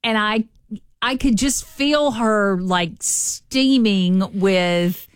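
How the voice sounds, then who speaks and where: A woman co-hosting a radio show, teasing the host in relaxed studio banter. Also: medium pitch, drawn-out words, clean tone, dry recording.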